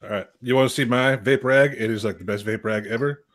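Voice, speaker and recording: A man making quick wisecracks during a casual livestream chat. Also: mid-range voice, a bit bright.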